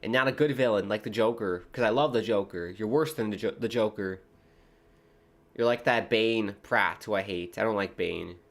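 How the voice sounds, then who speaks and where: A man's voice: fairly low pitch, moderate pace. Chatty American man calling a match live. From United States. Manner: chatty and rambling, jumping between match calls and tangents. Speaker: livestream host. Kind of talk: casual football watchalong commentary.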